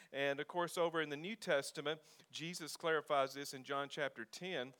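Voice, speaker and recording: A male pastor preaching a sermon in a relaxed, conversational way, reading scripture aloud between remarks. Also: a little high, moderate pace, few pauses, clear, resonant tone.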